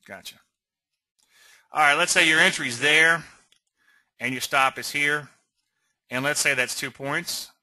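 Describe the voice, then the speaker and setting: A man's voice: fairly high pitch, unhurried, long pauses, bright, forceful tone, dry recording. A man teaching swing trading on a live webinar, rambling and conversational, often checking in with "okay?". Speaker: trading educator.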